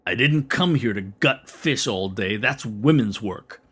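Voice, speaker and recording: A man's voice: on the low side, lively intonation, measured pace, a bit bright, slightly rough, pitched below the performer's own voice, exaggerated voice. A man reading a blunt resentful young fisherman. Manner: curt, grumbling.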